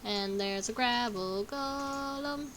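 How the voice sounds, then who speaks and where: A woman's voice: fairly high pitch, slow pace, fairly bright tone, a little hiss or hum. A young woman streaming a game, humming tunelessly as she plays and making dry, sarcastic remarks. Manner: hums along while playing, dry and sarcastic. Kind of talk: casual gameplay chat.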